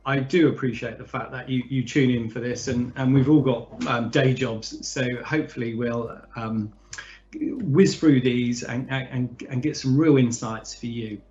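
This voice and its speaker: A man's voice: mid-range voice, a little mellow. Hesitant man hosting over a lo-fi line. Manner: hesitant, many fillers and restarts. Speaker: podcast host. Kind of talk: casual conversational hosting.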